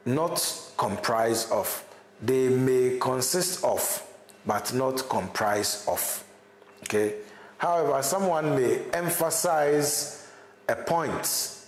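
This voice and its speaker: A male university lecturer, teaching an online class, repeating his examples and checking in with "okay?". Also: medium pitch. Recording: echoey room.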